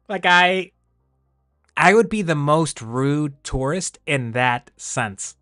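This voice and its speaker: A man chatting casually on a livestream, rambling and animated, often laughing. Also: high voice, slow pace, pauses often, clear, resonant tone, no room sound, clean studio sound, faint music behind. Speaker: streamer.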